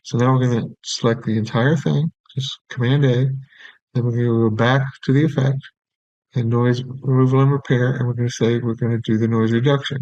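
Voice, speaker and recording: A man teaching audio production, explaining each step in a relaxed way and checking in with "okay". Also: medium pitch, fairly quick, no room sound. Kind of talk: screen-recorded software tutorial. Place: small room at his desk. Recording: dry, dull lo-fi recording.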